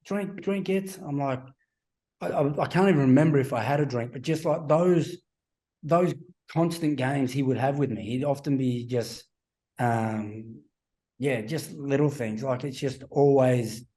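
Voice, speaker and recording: A man's voice: medium pitch, unhurried, dark tone. A man in his forties, a former rugby player guesting on a casual podcast interview, telling anecdotes and acting out the voices of people he quotes. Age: 40s.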